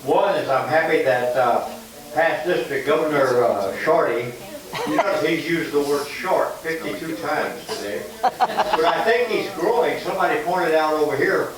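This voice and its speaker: A man's voice: fairly high pitch, normal speed. Man, joking club member, far mic with crowd. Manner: ribbing, hesitant. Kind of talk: joking remarks at a meeting. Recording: echoey hall from far off, crowd.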